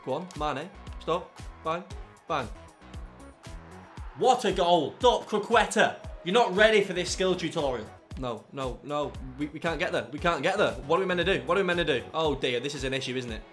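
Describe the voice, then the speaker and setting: A young man commentating his own football video game, muttering through play and erupting into shouts at goals. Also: a little high, brisk, faint music behind. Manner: excitable, bursts into shouts after goals. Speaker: gaming YouTuber.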